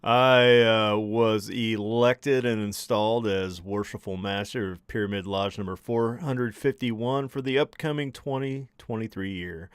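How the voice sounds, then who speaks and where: A man's voice: fairly low pitch, smooth, no echo, studio quality. A man co-hosting a casual podcast, laid-back and chuckling, talking with easy uh fillers. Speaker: podcast co-host.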